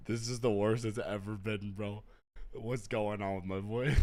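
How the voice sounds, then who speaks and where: A man streaming a game live, sick, with an unusually deep and rough voice, chatting in slangy, exasperated asides to his viewers. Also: a little slow, darkish tone. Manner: slangy, exasperated, talks straight to chat. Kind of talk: casual live-stream chat.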